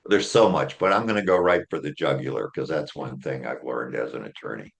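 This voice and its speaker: A man with a very deep, gravelly voice talks fairly quickly. An author and attorney being interviewed, he earnestly builds his argument step by step, checking in with "okay?" as he goes.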